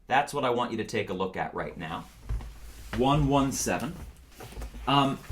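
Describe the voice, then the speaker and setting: A choir director, a man with a medium-pitched voice, talks singers through a score in a recorded rehearsal. He explains step by step, calm and methodical. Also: slight background noise.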